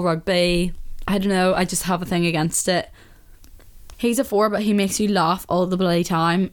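Speaking in a mid-range voice with a Northern Irish accent, this young vlogger from Northern Ireland chats casually and shares strong opinions. Her talk is full of laughter, with occasional dips into a whisper.

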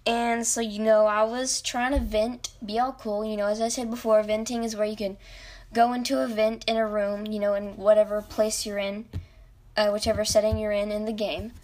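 A young woman telling a rambling, animated story about a video game as a podcast host. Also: medium pitch, normal speed. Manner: rambling, animated, self-interrupting. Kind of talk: casual storytelling.

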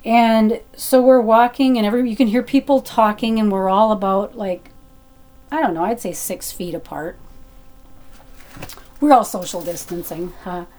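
Middle-aged woman, casual storytelling, chatty and animated, bit self-deprecating. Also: medium pitch, moderate pace.

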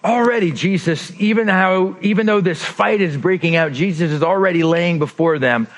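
A male pastor preaching a sermon, acting out quoted lines with lively swings between emphatic and soft, intimate tones. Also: high-pitched, moderate pace. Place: church.

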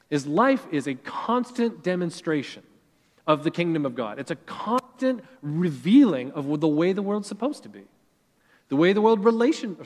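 A male pastor preaching a sermon to his congregation, earnest and emphatic, building his points in rising lists. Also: fairly high pitch. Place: church sanctuary. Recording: church hall reverb.

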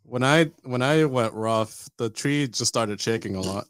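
A man's voice: mid-range voice, a little slow, fairly bright tone, clear, resonant tone, no echo. A man chatting casually with friends, laughing between short remarks. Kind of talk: casual group chat.

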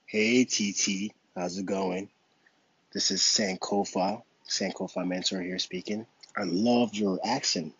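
Lively New York man calling in. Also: sits low, measured pace, husky, dry recording, highs cut off. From New York City. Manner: enthusiastic, laughs, slangy. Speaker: caller. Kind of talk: casual chat.

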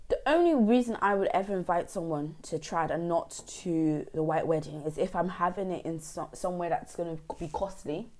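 A young woman, co-hosting a casual chat, direct and questioning, quick to laugh. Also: on the low side, a little mellow. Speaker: podcast co-host.

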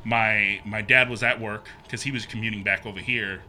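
Bright-voiced man telling a spooky story. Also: normal speed, slight background noise. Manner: animated, acts out quotes with pitch jumps. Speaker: guest telling a ghost story. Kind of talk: casual storytelling.

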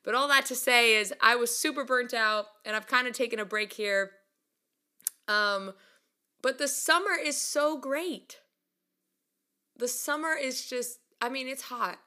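A young woman telling a story casually and mocking herself, laughing often and jumping up in pitch when she acts out quotes. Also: a little slow, long pauses. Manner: chatty and self-mocking, laughs a lot; animated, voice jumps up when acting out quotes. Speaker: vlogger.

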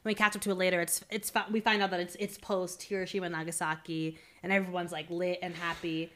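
A young woman co-hosting a casual movie review chat, animated, often laughing and quoting herself in lively voices. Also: fairly low pitch, fast. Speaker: podcast co-host.

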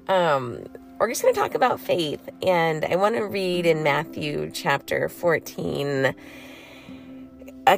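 Lively young woman sharing a devotional. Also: fairly low pitch, vocal fry. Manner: chatty, laughs easily, many fillers. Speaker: faith vlogger. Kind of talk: casual devotional talk with scripture reading.

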